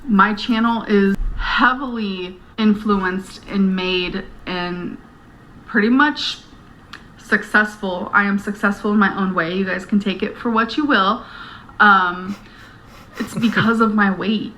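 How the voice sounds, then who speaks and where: A woman's voice: medium pitch, fairly even intonation, takes it slowly, sharp tone, slight background noise, low-quality recording. A woman vlogging to camera in a rambling, earnest, emotional way. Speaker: YouTuber. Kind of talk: talking to camera vlog.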